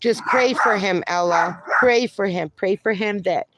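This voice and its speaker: This middle-aged woman speaks in a mid-range voice over heavy background noise. She's running a relaxed livestream from her backyard, slowly and warmly reading out chat comments on her phone.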